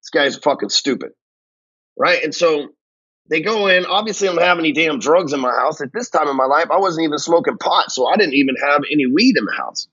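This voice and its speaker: A foul-mouthed man ranting bluntly about his past, swearing at every turn. His voice sits a little high for a man, and the recording is slightly dull and lo-fi. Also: animated, a little fast, a bit bright, breathy edge. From North Texas. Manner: blunt, angry, swears constantly. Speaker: sales coach telling his story. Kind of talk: profane casual monologue.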